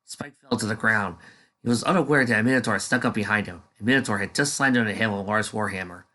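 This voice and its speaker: Man, fanfiction reader, casual read-aloud, bright voice, offhand asides. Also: lowish voice, quick pace. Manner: offhand asides between passages. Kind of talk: casual dramatic reading.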